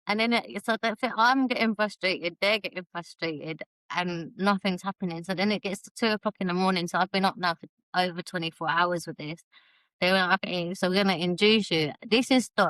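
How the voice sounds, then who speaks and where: A woman's voice: mid-range voice, fairly bright tone, dry recording, rough recording. A woman, a podcast guest, retelling a personal story in a chatty way and laughing often. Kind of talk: casual storytelling conversation.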